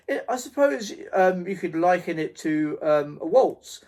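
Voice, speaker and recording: A man teaching a beginner drum lesson in a halting way, with many fillers and restarts, counting beats aloud. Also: on the high side, creaky, a little mellow. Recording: faint noise with drum pad clicks.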